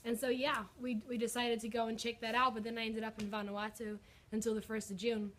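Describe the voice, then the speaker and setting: A woman's voice: on the high side, flat delivery, a little fast, a bit bright, a little hiss or hum. A young woman, chatting in a bubbly, filler-heavy way as she shares a personal faith story on her vlog. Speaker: vlogger. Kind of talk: casual testimony vlog.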